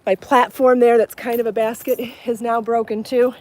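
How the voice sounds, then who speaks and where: A woman's voice: a little high, flat delivery, normal speed, a little mellow. A woman hosting a live stream outdoors on the way to a beach. She talks casually into a handheld phone, chatty and apologetic, laughing often and out of breath. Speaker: podcast host on a live stream. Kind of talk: casual live vlog while walking a bike. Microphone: phone held in hand.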